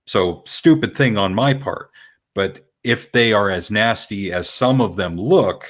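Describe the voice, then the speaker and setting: Low-voiced, measured podcast man. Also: fairly bright tone. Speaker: podcast co-host. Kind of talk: casual chat.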